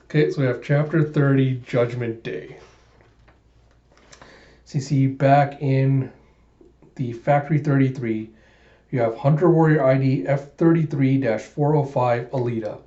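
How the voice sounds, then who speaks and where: A man's voice: medium pitch, unhurried, long pauses, warm tone. A man narrating a comic readthrough, retelling it casually with enthusiasm and emotion. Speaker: manga reader and vlogger. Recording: roomy, dull home recording.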